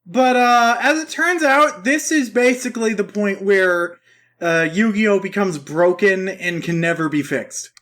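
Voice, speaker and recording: A man's voice: sits high, unhurried, a bit bright. A man co-hosting a podcast, casually recapping an anime in a rambling, self-interrupting way. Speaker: podcast co-host. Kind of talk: casual chat.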